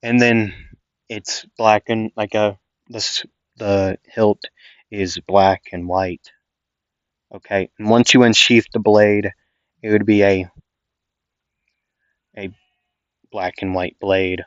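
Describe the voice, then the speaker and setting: Brief: casual young male storyteller, low-pitched, meandering, on a muffled home mic. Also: steady tone, slow, long pauses, no room sound. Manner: rambling, full of "like" and restarts. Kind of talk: casual improvised fan-story narration.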